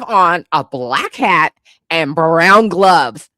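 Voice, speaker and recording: A woman with a lowish but bright, forceful voice whose pitch swings widely as she riffs. She delivers comedic pop-culture commentary in an incredulous, profane way, at an unhurried pace. The sound is dry and close. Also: dry recording. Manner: animated, incredulous, bursts of laughter, profane asides. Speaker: host.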